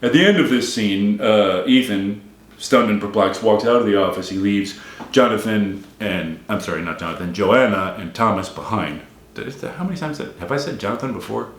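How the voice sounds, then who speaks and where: A man's voice: lowish voice, normal speed, reverberant. A man giving a wry, emphatic solo critique of a film, repeating his points for effect. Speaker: film commentator.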